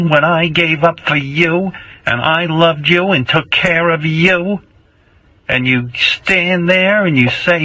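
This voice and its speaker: A man's voice: fairly high pitch, pushed and bright, no echo, voice pushed up, poor audio. A man playing a nagging, guilt-tripping older mother who acts like a martyr, whining and repeating the same complaints in a comic improvised bit. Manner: whiny, theatrical, repeats complaints.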